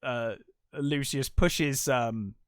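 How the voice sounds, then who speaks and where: A man's voice: medium pitch, slow, smooth, no echo, studio quality. A man co-hosting a casual film podcast, rambling through a plot retelling with lots of fillers and acted quotes. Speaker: podcast co-host.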